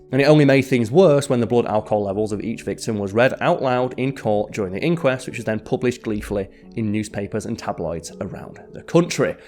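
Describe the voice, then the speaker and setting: A man narrating a scripted history documentary, measured, with dry and wry asides. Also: medium pitch, darkish tone.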